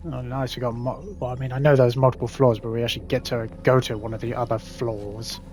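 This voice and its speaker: A man's voice: medium pitch, flat delivery, a little fast, darkish tone. A young man reading in-game text aloud, stumbling over long words and adding sarcastic, sweary asides. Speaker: gaming YouTuber.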